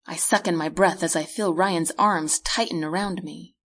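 Woman narrating her own book, kinda husky voice, steady paced storytelling. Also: lowish voice. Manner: measured storytelling read. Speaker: author reading her own novel. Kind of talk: first-person audiobook narration.

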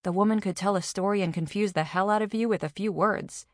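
A woman reading a first-person audiobook in a measured, even way. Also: medium pitch, no room sound, studio quality.

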